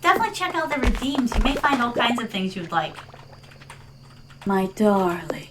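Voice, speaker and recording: Woman, streamer, high pitch, casual gameplay chat, affectionate and rambling, noisy recording. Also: fast. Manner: chatty, sprinkles in Japanese words, calls viewers "my darling". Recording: steady background noise.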